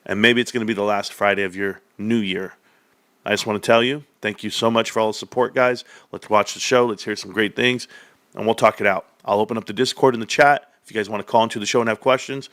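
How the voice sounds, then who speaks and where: A middle-aged man hosting a casual livestream, energetic and animated, laughing often. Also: on the low side, dry recording. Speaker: livestream host.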